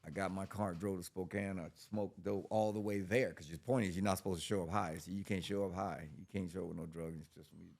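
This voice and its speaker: A man's voice: deep voice, fast, gravelly, few pauses. A man casually telling his recovery story on a podcast, profane and street-talking. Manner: profane, street-talking, animated when quoting. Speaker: podcast guest.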